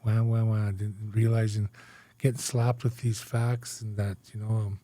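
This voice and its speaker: A man's voice: on the low side, level tone, moderate pace, mellow. A man in his forties from Canada, a guest telling his life story in a candid interview, tagging his sentences with "right?" and "eh?". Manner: conversational, frequent "right?" and "eh?" tags.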